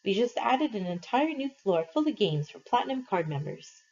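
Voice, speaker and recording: A woman voicing a smooth, coaxing male casino bellhop, in a dull lo-fi recording. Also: medium pitch, very animated, normal speed, a little mellow, pitched above the performer's own voice.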